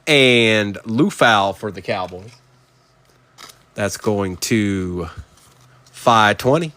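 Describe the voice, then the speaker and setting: A man's voice: on the low side, very slow, sharp tone. Man calling out cards on a live break. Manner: rattles off player names, chats to viewers. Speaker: card break host. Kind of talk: live card-break commentary.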